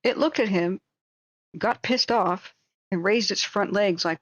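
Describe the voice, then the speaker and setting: A woman hosting a livestream, telling a rambling story in a casual, animated way, acting out what people said. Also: mid-range voice, a little slow, no echo, highs cut off. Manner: animated, rambling, acts out quotes with shrieks and laughs. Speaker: livestream host.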